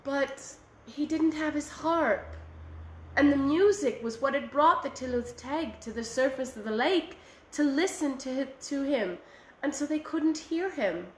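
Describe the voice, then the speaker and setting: A woman storyteller telling a folk tale aloud, expressive, recorded in an echoey room. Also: sits high, a little slow, a little hiss or hum. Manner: expressive, shifting voices for characters.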